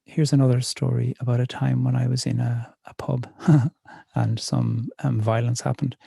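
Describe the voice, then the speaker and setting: A Northern Irish man reads poetry and tells stories at an unhurried, thoughtful pace. His voice is low-toned, mellow and gravelly, with a bit of fry. The sound is dry and close, with no room around it. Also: flat delivery, no room sound. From north of Ireland. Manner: slow, measured, reflective telling. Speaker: poet. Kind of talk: poetry reading and storytelling.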